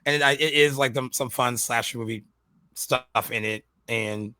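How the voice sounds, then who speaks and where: A man co-hosting a movie podcast, talking casually in halting bursts and repeating words. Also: mid-range voice, pushed and bright, no echo. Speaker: podcast co-host. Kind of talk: casual movie review chat.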